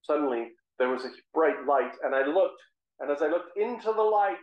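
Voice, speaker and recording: A fervent, earnest apostle Saul, played by a man in a first-person dramatic monologue. He tells the story in measured phrases broken by dramatic pauses. His voice sits slightly high and rings in a roomy, echoing space. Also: expressive, dull audio, close to an everyday voice. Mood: zealous. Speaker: guest speaker. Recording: roomy echo.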